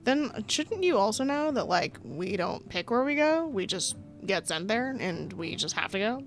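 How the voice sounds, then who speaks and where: Young woman gamer, reads the story aloud, playful sarcastic asides, mid pitch, soft music behind. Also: very animated, normal speed. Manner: playful, chatty, sarcastic asides, frequent laughter. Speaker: game streamer. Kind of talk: playthrough reading game text with chatty commentary.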